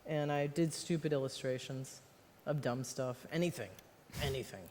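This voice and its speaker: A woman's voice: sits low, steady tone, unhurried, warm tone, a little hiss or hum. American woman, author guest, chatty and self-mocking, lots of laughter, long hall reverb. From United States. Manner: rambling, laughs often, self-deprecating. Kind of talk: live onstage conversation. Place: stage in a large hall before an audience.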